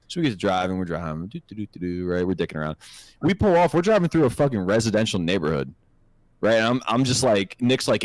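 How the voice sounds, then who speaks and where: Animated, profane man telling a story. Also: low voice, fast talker, no echo. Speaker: podcast co-host. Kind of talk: casual storytelling chat.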